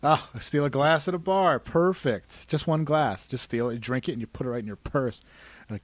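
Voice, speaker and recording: A tired man co-hosting a podcast, talking in a rambling, jokey, excitable way. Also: medium pitch, moderate pace, no echo. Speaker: podcast co-host. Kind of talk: casual chat.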